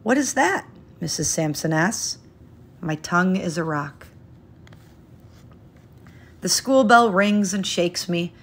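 A woman reading a children's picture book aloud in a gentle, expressive, unhurried way. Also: fairly low pitch. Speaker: storyteller.

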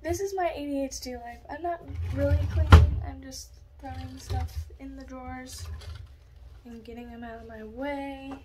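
Young woman, high voice, scattered ranting vlog talk, dorm room, faint room hiss. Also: fairly even intonation, normal speed. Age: young adult. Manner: scatterbrained, ranting, swears casually. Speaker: vlogger. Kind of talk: casual vlog chat.

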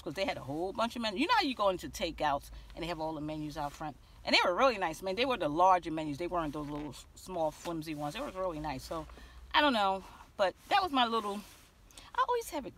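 A woman vlogging from her car, telling a story in an animated way and acting out the dialogue. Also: on the low side, a little hiss or hum. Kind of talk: car vlog rant. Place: inside a parked car.

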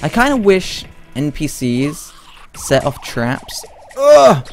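A man's voice: fairly high pitch, sing-song, takes it slowly. A young man giving playful, chatty commentary while streaming a game and answering his chat. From Britain. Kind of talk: casual live-stream commentary. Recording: game music playing behind the voice.

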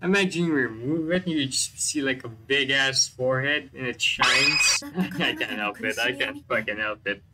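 A man giving excitable let's-play commentary, swearing constantly and joking about the characters on screen. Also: mid-range voice, moderate pace, hardly any pauses, heavy background noise. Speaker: gameplay commentator.

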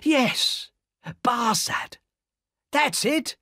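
A reader voicing a blunt, nosy working man who loudly presses a stranger with questions in a storybook reading. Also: medium pitch, big pitch swings, slow pace, dry recording, clean studio sound, voice pushed up. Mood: pushy. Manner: loud, pushy questioning.

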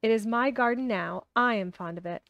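A woman's voice: fairly high pitch, fairly quick, vocal fry, no echo, muffled recording. A woman doing an imperious young boy. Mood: commanding. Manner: commanding, sharp. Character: imperious sickly young boy, proud and commanding.

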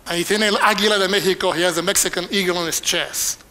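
High, bright-voiced older bilingual preacher. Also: male voice, quick pace. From Panama. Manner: switches between Spanish and English line by line, animated. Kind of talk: bilingual sermon.

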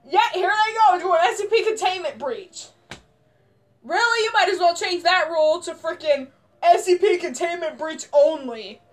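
A young woman commenting on her gameplay, panicking and yelling, her voice strained hoarse from screaming. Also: very high voice, normal speed, faint music behind. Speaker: gamer.

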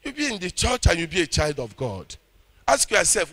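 A man with a Nigerian accent preaches fervently at a moderate pace, his pitch swinging hugely as he moves between loud shouting and low, intense speech. He calls for the audience to respond.

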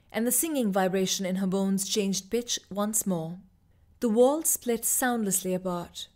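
A woman narrating a short story in a measured, expressive reading. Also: medium pitch. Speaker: reader. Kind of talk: scripted narration.

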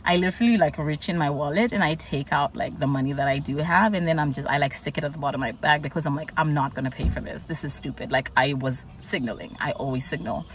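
Talking fast with hardly any pauses, a low-voiced woman vlogger recounts her week in an exasperated, chatty way, peppered with "like"s. The mic is distant and there's a little hiss or hum.

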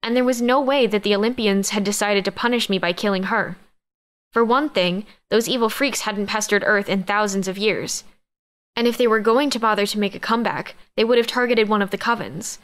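A woman reads first-person narration in a mid-range voice. Her delivery stays even and measured throughout. It sounds like a scripted audiobook narration. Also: mid-range voice.

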